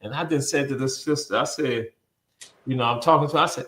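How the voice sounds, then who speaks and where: A man, a guest on a video-call interview, telling a story in a lively way, often repeating words and acting out what people said. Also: medium pitch, quick pace, roomy sound. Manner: animated, repeats words, acts out quoted voices.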